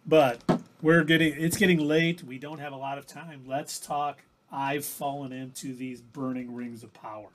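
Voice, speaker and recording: A man's voice: medium pitch, fairly even intonation, moderate pace, slight background noise. A man co-hosting a livestream, casually recapping TV episodes in a rambling, self-correcting way. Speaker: livestream co-host.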